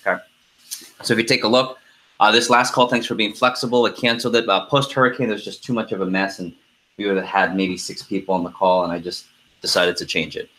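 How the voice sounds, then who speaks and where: A middle-aged man leading a team conference call, telling a lively story with laughs and then going through the agenda. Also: fairly low pitch, fast talker, slight background noise.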